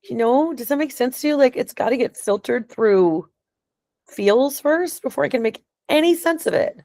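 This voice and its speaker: A woman's voice: sits high, expressive, moderate pace, creaky, darkish tone, no echo. A middle-aged woman chatting casually during a reading, rambling and emotional, often laughing as she talks. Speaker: client getting a reading. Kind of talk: casual conversation.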